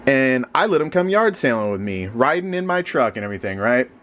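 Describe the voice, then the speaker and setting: Young male reseller vlogger, drowsy and rambling, medium pitch, light background hum. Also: a little fast. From Missouri. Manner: rambling, filler-heavy, animated jumps in pitch. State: sleepy. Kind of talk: casual chat.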